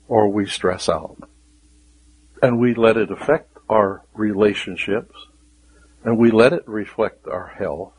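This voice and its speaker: A male preacher delivering a sermon at an unhurried, deliberate pace. His voice has a slightly husky edge, and he leans on repetition, sinking to a hushed tone whenever he quotes scripture. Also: on the low side, poor audio. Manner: earnest, repeats key words, drops to a hushed voice for scripture.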